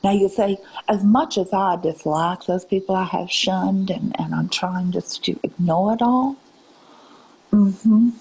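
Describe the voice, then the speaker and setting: A woman in a put-on Southern drawl lecturing viewers on a live stream, scolding them and calling them ma'am and darling, often dropping into breathy half-whispers. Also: medium pitch, a little mellow, low-quality recording.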